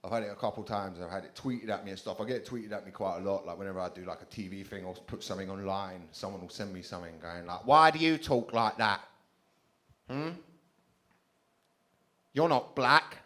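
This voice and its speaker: A young man with a South London accent works a comedy club crowd through a handheld mic. His voice sits low, and his delivery is punchy, sweary and self-mocking. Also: fairly even intonation, fast talker, few pauses. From England. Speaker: stand-up comedian. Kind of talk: stand-up comedy set.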